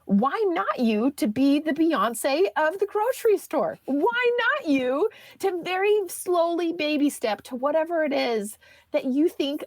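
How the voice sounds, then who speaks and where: A woman in her thirties tells her own story as a podcast guest, chatty and winding, with plenty of fillers and restarts. Her voice sits somewhat high. The sound is close and dry. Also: animated, a little slow, a little mellow, dry recording. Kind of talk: personal storytelling.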